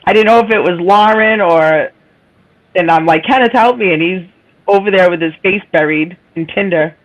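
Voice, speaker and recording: A woman's voice: lowish voice, steady tone, normal speed, highs cut off. Stream host: chatty woman, nasal tone, teases her guests and laughs easily. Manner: chatty, teasing, laughs often. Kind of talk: casual chat.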